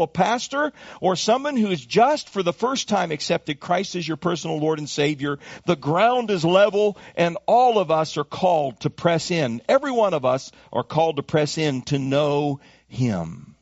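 A man preaching a sermon as pastor, swinging from high emphatic calls down to low hushed asides. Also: dry recording, muffled recording.

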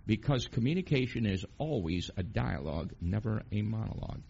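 A man preaching a sermon, emphatic, rising to loud peaks and asking the congregation questions. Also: on the low side, animated, fairly quick, creaky, few pauses, husky, muffled recording.

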